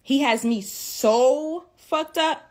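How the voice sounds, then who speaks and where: Brief: woman, slightly high voice, tearful, cursing, repeats lines in a raw defiant vlog rant. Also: slow pace, darkish tone. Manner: profane, repeats herself, swings between shock and defiance. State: tearful after days of crying. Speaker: social media creator.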